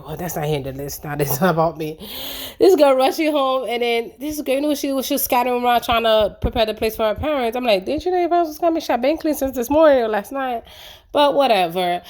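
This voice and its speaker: A woman's voice: on the high side, expressive, brisk. Chatty opinionated woman recapping a show. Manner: chatty, opinionated, colloquial with frequent fillers. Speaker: TV reality show reviewer. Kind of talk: casual recap chat.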